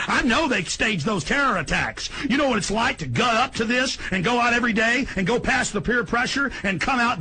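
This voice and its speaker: A man's voice: high-pitched, a little hiss or hum. Furious, ranting talk radio host man. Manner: angry, ranting, shouting. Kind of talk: impassioned talk radio rant.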